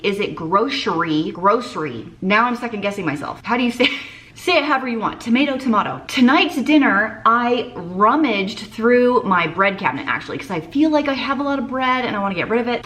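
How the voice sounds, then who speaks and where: A woman's voice: on the high side, fairly bright tone. A mom hosting a casual cooking vlog from her home kitchen, chatty and jokey as she walks through family dinners.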